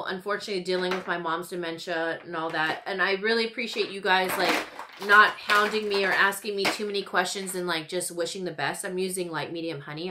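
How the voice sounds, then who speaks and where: A woman in her thirties chatting casually to camera while doing her makeup, full of "like" and "you know" and quick laughs. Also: mid-range voice, noisy background. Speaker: beauty vlogger. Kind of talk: casual get-ready-with-me chat.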